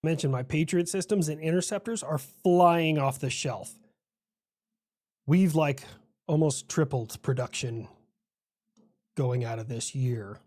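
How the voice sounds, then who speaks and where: Casting: a proud, know-it-all personified America for a cartoon skit; dry close recording. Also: male voice, on the high side, a little slow, long pauses, darkish tone, no echo. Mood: boastful. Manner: boastful, explains at length. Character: proud personified United States, male, lecturing. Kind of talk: comedic animated skit dialogue.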